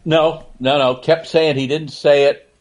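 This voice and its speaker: A man's voice: on the high side, fairly even intonation, a little slow. An older man, a sportswriter guest on a podcast, telling stories in a casual interview and laughing as he goes.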